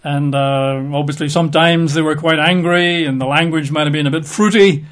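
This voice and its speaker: A man's voice: fairly high pitch, steady tone, moderate pace, a bit bright. A man giving a conversational Bible teaching, chatty and wry, with frequent fillers.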